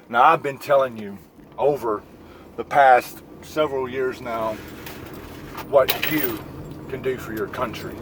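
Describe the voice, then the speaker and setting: A man's voice: mid-range voice, unhurried, pauses often, poor audio. A man delivering a profane political rant, lecturing the listener directly and swearing freely. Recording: outdoor traffic noise behind voice.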